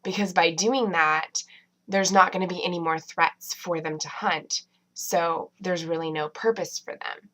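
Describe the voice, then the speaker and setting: A woman's voice: lowish voice, fairly even intonation, a little slow, fairly bright tone, low-quality recording. A woman reviewing a TV episode in a casual, rambling way, full of fillers and restarts. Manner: chatty, many fillers and restarts.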